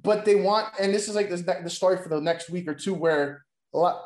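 A man with a fairly high voice rambles through a casual chat, leaning on filler words and swearing freely. He is recorded in a roomy space with a noticeable echo. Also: normal speed. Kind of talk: casual chat pitching wrestling storylines.

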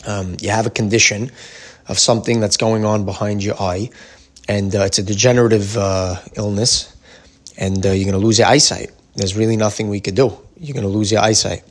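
A kindly surgeon speaks in a steady, reassuring tone, as a man plays him. The voice sits fairly low and stays even. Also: brisk, lightly acted. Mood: calm. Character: calm, kindly male eye surgeon.

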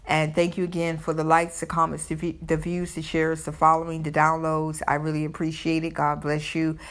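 A woman's voice: low voice, monotone, fairly quick. A middle-aged woman with a Southern US accent hosting a solo podcast, rambling and often restarting her words. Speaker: podcast host. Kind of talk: casual solo podcast monologue.

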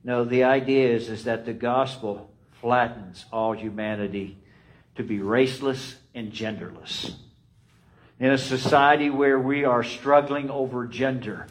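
A man preaching a sermon, emphatic and repetitive, swinging between loud rises and quiet drops. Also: mid-range voice, low-quality recording. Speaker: pastor.

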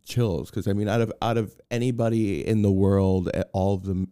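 Deep dark-voiced man telling a story. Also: fairly even intonation, normal speed, clean tone, no room sound, studio quality. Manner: rambling, many restarts, acts out quoted voices. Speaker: guest, film personal assistant. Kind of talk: casual interview storytelling.

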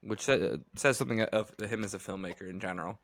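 Low-voiced man leading a podcast. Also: fairly bright tone, no echo. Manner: steers the talk, measured and agreeable. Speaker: podcast co-host. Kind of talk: casual film podcast chat.

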